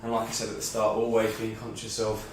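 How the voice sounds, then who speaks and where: A man's voice: fairly low pitch, completely flat delivery, fast, heavy reverb, far from the mic. A man leading a guided movement and mindfulness workout as a fitness instructor, slightly out of breath, talking through each move step by step. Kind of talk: guided exercise class.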